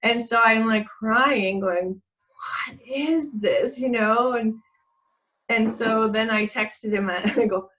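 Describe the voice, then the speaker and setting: A woman's voice: fairly high pitch, steady tone, slow pace, a bit bright, poor audio. Chatty middle-aged woman telling a story. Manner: rambling storyteller who laughs often and acts out quotes. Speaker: guest. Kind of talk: casual chat.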